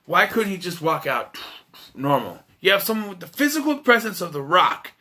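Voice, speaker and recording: A man's voice: high voice, sing-song, moderate pace, sharp tone. A man giving a casual, blunt and profane spoken film review, with frequent restarts as he talks.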